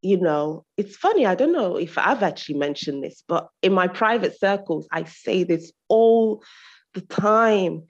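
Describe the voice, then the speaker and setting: A woman's voice: lowish voice, animated, measured pace. Female speaker from Nigeria, casual podcast talk, emphatic with repeated phrases, muffled lo-fi audio. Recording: dull lo-fi recording.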